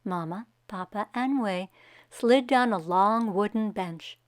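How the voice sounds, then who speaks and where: A woman reading a children's picture book aloud, giving the characters voices and pausing to ask young listeners what will happen next. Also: medium pitch, no echo, clean studio sound.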